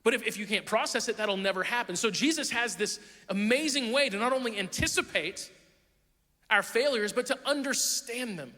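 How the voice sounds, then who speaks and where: A young male pastor delivers his sermon with a high, bright voice. He tells stories about himself with animated, self-deprecating humor. His voice carries a long reverb from a church auditorium. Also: moderate pace. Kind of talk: sermon with storytelling.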